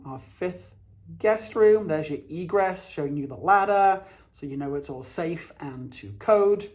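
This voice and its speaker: A man's voice: sits high, darkish tone. Upbeat man touring a house. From England. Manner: upbeat and chatty, pointing out features. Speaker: realtor. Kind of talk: home tour narration.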